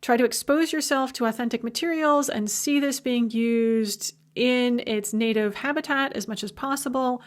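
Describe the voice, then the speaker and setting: Chatty woman lecturing in a fairly high voice. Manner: chatty, informal explaining with quick asides; slow, stressed demonstration of spoken forms. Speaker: language lecturer. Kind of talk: recorded university lecture.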